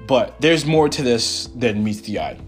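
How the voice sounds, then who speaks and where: A young man hosting a podcast, telling a personal story in a casual, animated and profane way, acting out what people said. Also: medium pitch, a little slow, faint music behind. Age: young adult. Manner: animated, profane, quotes people in his own voice. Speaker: podcast host.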